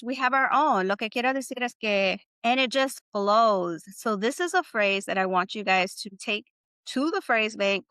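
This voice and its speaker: A woman teaching in a podcast lesson, chatty, checking in with "right?" and "okay?", slowing down to model phrases for the learner to repeat. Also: a little high, sharp tone, no echo. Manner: slows down to model phrases for repetition. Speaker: Spanish teacher.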